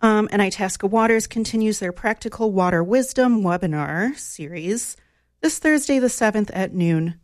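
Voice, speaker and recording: A woman's voice: mid-range voice, moderate pace, no echo. Chatty woman radio DJ, dry studio sound. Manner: chatty, relaxed, enthusiastic about music. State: slightly out of breath. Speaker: radio DJ host. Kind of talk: casual radio DJ back-announcing and community announcements. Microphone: studio microphone, close.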